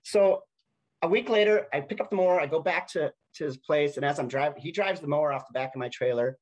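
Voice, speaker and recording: A man's voice: on the high side, quick pace, dull audio. A middle-aged man giving a conversational storytelling talk, with frequent restarts. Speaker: speaker at a university talk.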